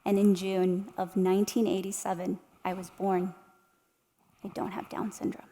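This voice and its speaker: A woman's voice: medium pitch, flat delivery, moderate pace, warm tone. A woman in her thirties giving a motivational keynote speech, telling stories with animation and speaking directly to the audience with tag questions. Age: 30s. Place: large hall at an arts center. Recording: long hall reverb.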